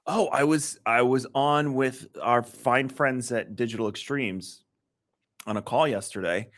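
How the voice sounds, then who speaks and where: A man co-hosting a podcast, chatting casually in a relaxed, rambling way with many fillers. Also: mid-range voice, a little slow. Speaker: podcast co-host and event organizer. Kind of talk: casual chat.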